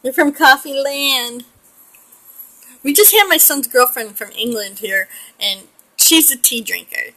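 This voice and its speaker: While working on a pet portrait, a middle-aged woman from the US chats casually and rambles, frequently laughing. She speaks without hurry in a high, bright, forceful voice, captured in a low-quality recording.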